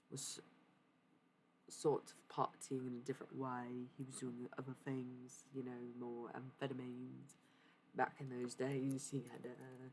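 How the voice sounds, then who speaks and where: Low, gravelly woman streamer rambling. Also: darkish tone, a little hiss or hum, low-quality recording. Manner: rambling, meandering storytelling. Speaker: livestream host. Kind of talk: casual livestream monologue.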